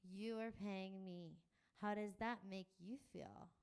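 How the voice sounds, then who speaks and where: A woman's voice: mid-range voice, a little slow, smooth, lightly acted. A woman voicing a sneering, sarcastic older man with a menacing, mocking manner in a dramatic reading.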